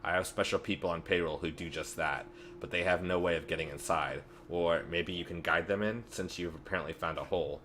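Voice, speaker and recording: A man reading aloud the lines of a gruff, rich older factory boss in a game. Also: low voice, steady tone, a little fast, a bit bright, slight background noise. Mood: dismissive. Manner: reads game dialogue aloud, dismissive.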